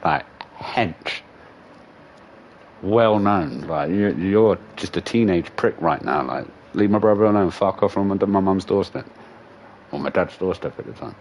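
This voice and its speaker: A man's voice: low voice, unhurried, slight background noise. A man, a gaming streamer telling stories in a casual, profane rant and laughing along the way. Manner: profane, animated storyteller.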